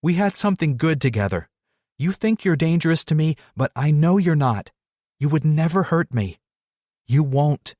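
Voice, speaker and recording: A man's voice: fairly high pitch, animated, moderate pace, darkish tone, no room sound, studio quality, voice pushed up. A man voicing a determined young woman, a schoolteacher who speaks firmly and demandingly. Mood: pleading. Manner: firm, demanding.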